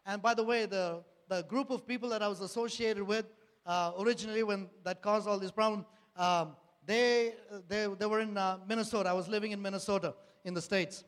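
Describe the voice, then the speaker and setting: A man's voice: high-pitched, steady tone, a little fast, smooth. A man giving an earnest church testimony, repeating phrases and asking rhetorical questions. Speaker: speaker giving a personal testimony. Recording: long hall reverb.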